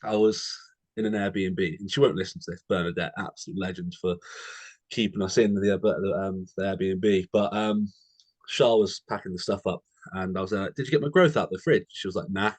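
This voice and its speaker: This young English podcast co-host tells anecdotes in relaxed chat, addressing his friend as "mate" again and again. His low, slightly mellow voice keeps a level tone at a moderate pace, with a dry recording.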